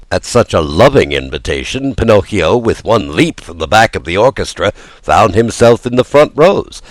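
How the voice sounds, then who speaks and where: A man narrates a children's classic in a low, resonant-sounding register, his pitch rising and falling with theatrical life. The recording is close and dry, with no room sound. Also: moderate pace, no echo. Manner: lively, theatrical delivery. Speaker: audiobook narrator. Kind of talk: expressive storybook reading.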